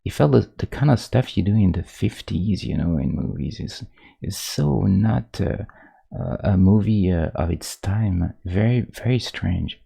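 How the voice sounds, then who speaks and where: A man with a low, gravelly voice talks loosely while he draws on stream. His tone is dark and mellow, and his sentences ramble and restart before he gets animated. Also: a little slow. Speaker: pixel art streamer. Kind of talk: casual chat while drawing on stream.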